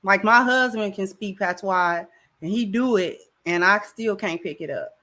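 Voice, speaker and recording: A woman hosts a livestream in a loose, slangy chat that rambles from one thought to the next. Her voice sits at an ordinary middle pitch for a woman. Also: measured pace, sharp tone. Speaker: livestream host. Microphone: camera.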